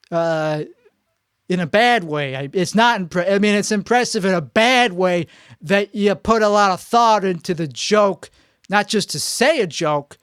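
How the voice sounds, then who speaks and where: A man with a high-sitting, clean voice hosts a podcast, rambling comically while dipping into a mock frantic Chicago-style accent and stopping mid-thought. Two up-close microphones capture a dry, clean studio sound.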